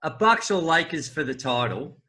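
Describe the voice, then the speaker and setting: Man, podcast host, easygoing, casual chat, forceful bright tone. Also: a little high, lively intonation, moderate pace.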